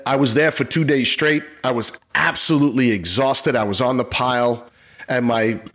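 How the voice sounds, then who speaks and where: A middle-aged man of middle pitch tells a personal story in an interview. His delivery is earnest and emotional, and it comes out in halting bursts. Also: a bit bright, husky. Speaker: retired police officer and app founder.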